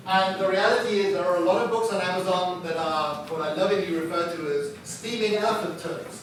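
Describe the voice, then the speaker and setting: In this instructional presentation, a male book publisher talks about writing a book in a chatty, self-deprecating style. His voice is high-pitched and fairly quick. There's a little hiss or hum, and the echoey room was miked from a distance.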